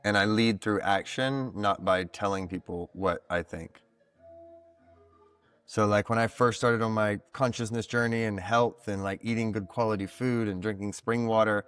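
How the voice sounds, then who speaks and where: Here the podcast guest's voice is fairly low in pitch with a clean tone. A card reader by trade, he chats casually and reflectively, teaching his ideas as he goes and leaning heavily on "like" as a filler.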